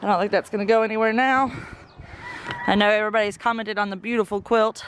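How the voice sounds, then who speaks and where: A woman in her thirties with a Southern American accent, chatting casually while doing farm chores outdoors, cooing softly to her animals now and then. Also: medium pitch, fairly even intonation, fast talker, slight background noise. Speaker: homestead vlogger.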